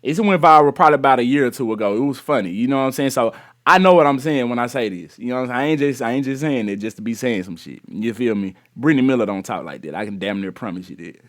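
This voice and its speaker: A man's voice: mid-range voice, lively intonation, quick pace. A man from Texas giving casual, slangy commentary on a news clip and talking straight to his viewers. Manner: chatty, slangy, addresses viewers as y'all.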